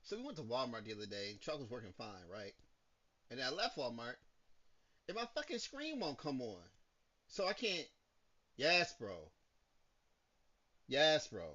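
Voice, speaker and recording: Man with a bright, tense voice. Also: mid-range voice, wildly swooping pitch, unhurried, long pauses, lo-fi sound. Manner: exasperated, profane complaining. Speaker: podcast co-host. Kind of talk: casual podcast banter.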